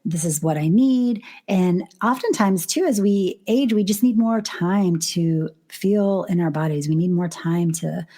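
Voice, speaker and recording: A woman's voice: on the low side, measured pace, few pauses, mellow. A middle-aged woman, a relationship coach, talking openly and encouragingly as a podcast guest. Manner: open, frank and encouraging. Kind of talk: casual podcast chat.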